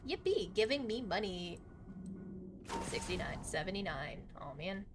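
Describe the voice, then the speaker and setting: A young adult woman streaming a game live, chatting casually and swearing constantly, with loud outbursts. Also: medium pitch, very animated, measured pace, noisy background. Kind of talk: casual gaming livestream chat.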